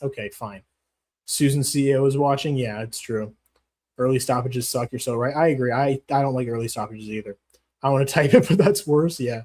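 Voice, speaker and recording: With a mid-range, darkish voice and a slightly fast pace, a man reads live chat on his MMA channel's casual livestream. He responds in a rambling, slangy, profane way, calling viewers "bro."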